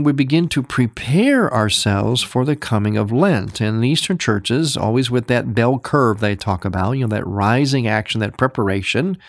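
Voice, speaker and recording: A man teaching on a religious radio program in a reflective, explanatory way, stressing key words now and then. His voice sits at an ordinary middle pitch. The sound is dry and close, with no room around it. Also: no room sound. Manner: explanatory, reflective, gently emphatic. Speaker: radio program host teaching on Byzantine Catholic liturgy.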